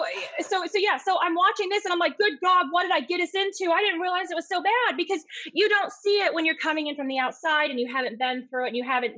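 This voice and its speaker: A middle-aged woman with a mixed Southern and Michigan accent, telling stories quickly and animatedly as a guest on a call. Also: high voice, highs cut off. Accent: mix of Southern US and Michigan. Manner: fast-talking, lively, acts out voices in anecdotes. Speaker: guest, community activist. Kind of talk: casual storytelling on a call. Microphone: video call.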